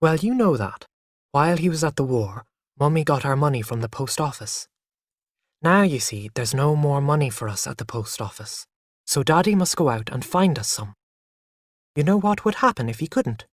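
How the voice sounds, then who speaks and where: A storyteller voicing a gentle, patient young mother who speaks softly and quietly. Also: medium pitch, animated, moderate pace, no room sound, clean studio sound, close to an everyday voice.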